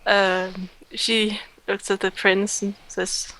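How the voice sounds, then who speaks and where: A woman's voice: medium pitch, little pitch movement, slow pace, hardly any pauses, sharp tone, dry recording, poor audio. A woman playing a tabletop game, describing her character's actions plainly. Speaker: player. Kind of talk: casual tabletop play.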